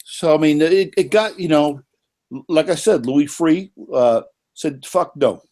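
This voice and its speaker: New man, fairly high voice, excitable, swears, stumbles and restarts. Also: measured pace. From New York. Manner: animated, profane, frequent restarts. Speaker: panelist. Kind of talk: casual chat.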